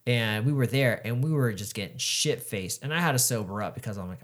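Young dude telling wild drunk stories, swears a ton, does everyone's voices. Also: male voice, medium pitch, a little fast. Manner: profane, animated, acts out quoted voices. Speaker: podcast co-host. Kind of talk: casual storytelling chat.

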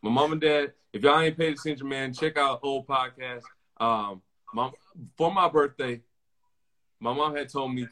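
A young man hosting a casual podcast, talking in slang and telling animated stories with lots of repeated phrases. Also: medium pitch, normal speed. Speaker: podcast host.

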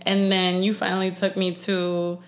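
A woman's voice: fairly low pitch, normal speed, a little hiss or hum. A woman with a Puerto Rican accent, telling stories in a casual chat with lots of swearing and laughter. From Puerto Rico. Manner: animated, profane, laughing storyteller.

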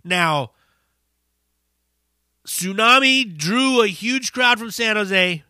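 A man hosting a podcast, telling a story in a casual, profane, animated way. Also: sits high, no room sound, clean studio sound. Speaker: podcast host.

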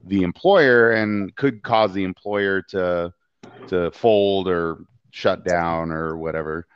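A man hosting a podcast, asking questions in an easygoing, measured way. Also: low-pitched, clear, resonant tone, no echo. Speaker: podcast host. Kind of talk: conversational interviewing. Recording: dull lo-fi dry sound.

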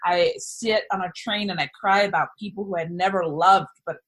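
A woman chatting as a podcast guest, talking in a gushing, rambling way. Her voice sits a little low and has a husky edge. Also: normal speed, fairly bright tone. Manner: gushing, chatty, with frequent laughs and fillers. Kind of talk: casual podcast conversation.

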